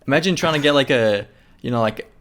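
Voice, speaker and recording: A man's voice: mid-range voice, fast, a bit bright. A man hosting a casual discussion in a loose, jokey way, full of filler words. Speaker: podcast host.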